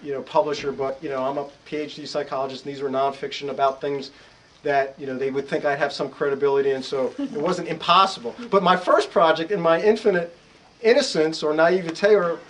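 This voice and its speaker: A middle-aged man with an American accent tells anecdotes to a bookstore audience, his voice pitched fairly high for a man. He acts out the people in his stories with lively quoted voices. He talks like a psychologist and author sharing his own experiences. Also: brisk, slight background noise, poor audio. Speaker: author and psychologist giving a talk. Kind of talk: storytelling to a live audience. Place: bookstore event room.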